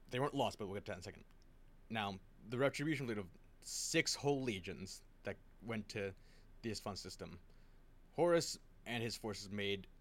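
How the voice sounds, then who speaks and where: A man casually retelling a long story to a friend, rambling with restarts and quick acted quotes. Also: deep voice. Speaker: lore explainer.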